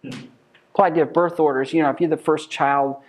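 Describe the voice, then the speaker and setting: Male Bible teacher, emphatic, rhetorical, voice sits a bit high. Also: steady tone, brisk. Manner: emphatic, asks rhetorical questions.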